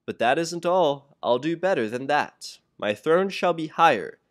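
A man's voice: mid-range voice, sing-song, a little slow. A young man voicing a boastful, pompous male turtle king who bellows his orders in a storybook reading. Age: young adult. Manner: bellowing, grandiose.

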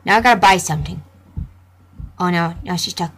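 A woman's voice: on the low side, a little fast. A young woman playfully commentating a computer game, joking and reading the dialogue aloud. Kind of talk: gameplay commentary.

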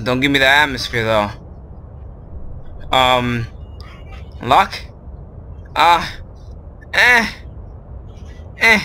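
Nervous guy playing a horror game, slow talker, lots of ums, bright voice. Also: mid-range voice, slight background noise. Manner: nervous, rambling with many ums, jumpy. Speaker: gaming video host. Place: at home with his brother nearby.

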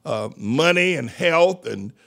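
An older man preaching a fiery sermon as pastor, shouting, mocking and repeating phrases over and over. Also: on the high side, lively intonation, slow pace, gravelly. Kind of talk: fiery street-style sermon.

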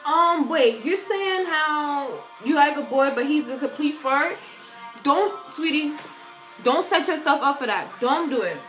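Teen girl doing a q&a vlog in her room, kinda high voice, jokey and dramatic, faint music in the back. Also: lively intonation, measured pace. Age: teens. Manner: chatty, joking, dramatic swings in loudness and pitch. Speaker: vlogger. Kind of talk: casual Q&A vlog talk. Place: bedroom at home.

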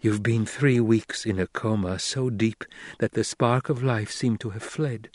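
A man's voice: lowish voice, steady tone, measured pace, darkish tone, no echo, studio quality. A man reading the lines of a proud noble mother who speaks bitterly and sharply. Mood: anxious.

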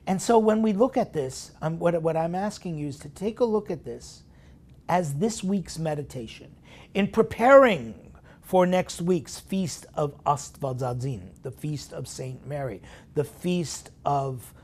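A man preaching a sermon as a priest, putting strong stresses on key words, dropping into hushed whispered asides and asking his listeners questions. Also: fairly high pitch, vocal fry, slight background noise. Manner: emphatic, swinging between loud stresses and hushed whispered asides; talks straight to listeners with rhetorical questions. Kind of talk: sermon meditation broadcast.

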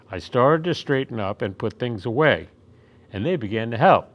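A man reading a children's picture book aloud at storytime, with gentle, expressive storytelling. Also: medium pitch, normal speed. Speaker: storytime reader.

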